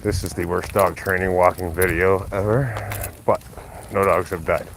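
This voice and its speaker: A man with a low voice talks loosely and swears freely as he walks his big dog down a street. He records on a handheld phone, with faint outdoor noise behind him. His muttered asides stay low, and he jumps high into bright praise whenever the dog behaves. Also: steady tone, normal speed, vocal fry. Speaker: dog owner streaming a live walk. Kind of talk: casual live-stream commentary while walking a dog. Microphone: phone held while walking.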